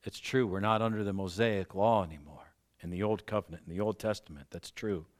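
Pastor preaching, slowing for emphasis. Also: male voice, fairly low pitch, fairly even intonation. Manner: slows down for emphasis and rises loudly on key points; self-deprecating asides with light laughs. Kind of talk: sermon.

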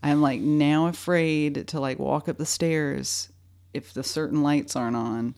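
A woman's voice: low-pitched, steady tone, measured pace, gravelly, a little mellow. A woman hosting a podcast, chatting casually, laughing often and rambling. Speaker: podcast host. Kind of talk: casual chat.

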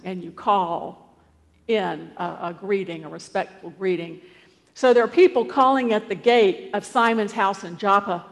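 A woman preacher retelling a scripture story in a conversational way, with asides and fillers. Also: medium pitch. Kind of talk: storytelling sermon. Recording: long hall reverb.

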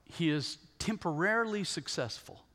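A male pastor preaching a sermon, retelling a story emphatically and checking in with the congregation with quick rhetorical questions, in a large hall. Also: on the high side, lively intonation, sharp tone. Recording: long hall reverb.

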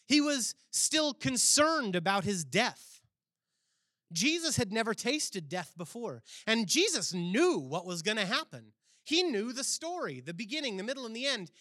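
High-voiced earnest male preacher. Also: lively intonation, a little slow, a bit bright, dry recording. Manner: earnest, reads scripture aloud then explains it, rising emphatically at key points. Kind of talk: sermon.

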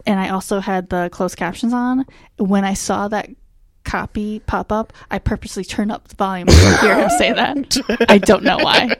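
Woman, mid pitch, dry close sound, blunt, teasing, rambling, casual movie chat. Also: sing-song, normal speed, no echo. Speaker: podcast co-host.

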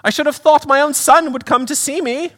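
A man voicing a petulant grieving mother's ghost in a put-on British accent, high and indignant. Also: fairly even intonation, brisk, fairly bright tone. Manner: high-pitched, indignant, demanding.

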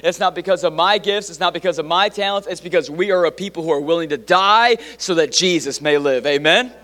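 A middle-aged male pastor preaching a sermon in an energetic, excitable way, full of casual fillers. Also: a little high, a little fast. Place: large church hall. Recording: long hall reverb.

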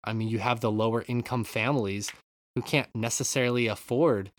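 A man's voice: medium pitch, brisk. Rambling, profane podcast host man. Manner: rambling, swears freely, reads listener comments. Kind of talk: casual gaming podcast chat.

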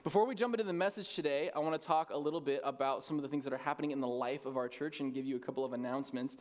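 A man's voice: mid-range voice, racing. A man in his thirties, a tired lead pastor giving casual, self-deprecating announcements to his church. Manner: chatty, self-deprecating, laughs easily. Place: church sanctuary.

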